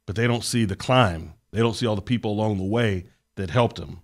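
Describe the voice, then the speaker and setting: A man who is a podcast guest and works on college sports staff. He tells earnest, animated stories in a casual interview conversation. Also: on the low side, brisk.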